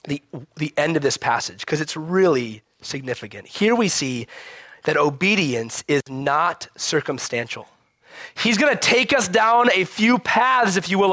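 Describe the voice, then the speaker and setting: A married man, a pastor, preaching a sermon with animated acted-out quotes and humor. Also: high-pitched, no room sound, studio quality. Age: adult married man.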